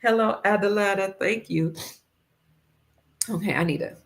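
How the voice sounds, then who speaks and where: A woman's voice: mid-range voice, normal speed. A woman hosting a casual livestream, greeting viewers by name and reading their comments, a little congested. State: congested, fasting. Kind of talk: casual live-stream chat.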